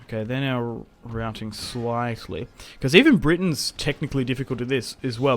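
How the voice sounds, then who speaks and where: A young man giving casual commentary over a strategy game, chatty and quick to react loudly when things go wrong. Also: medium pitch. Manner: chatty, reacts loudly to setbacks, self-mocking laughs. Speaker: gaming YouTuber.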